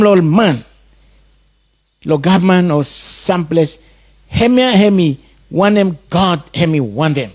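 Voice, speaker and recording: A man's voice: on the high side, moderate pace, darkish tone. A man preaching a sermon, in repeated rhythmic calls.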